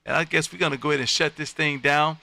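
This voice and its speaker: Guy running a ham radio stream, gravelly and real bright, loud and friendly, dry room. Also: a little high, steady tone, quick pace, no room sound. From Texas.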